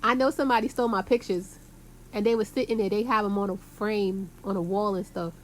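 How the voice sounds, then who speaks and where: A woman's voice: mid-range voice, steady tone, a little fast, a little hiss or hum. A woman from Brooklyn, talking to her viewers in a rambling, emphatic way full of street slang and cursing. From Brooklyn, New York. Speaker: vlogger. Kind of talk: casual rambling monologue to camera.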